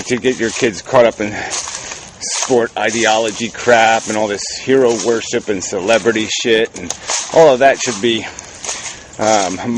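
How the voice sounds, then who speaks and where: A man rambling through a casual monologue, cynical and profane, halting with fillers and restarts. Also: lowish voice, background noise. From New England, United States. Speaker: video blogger.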